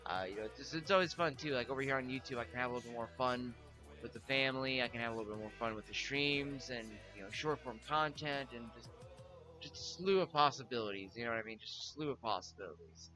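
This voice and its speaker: A man's voice: mid-range voice, fast, music in the background. A young man chatting casually with his viewers as a streamer, rambling with lots of filler words and frequent laughs. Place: home room.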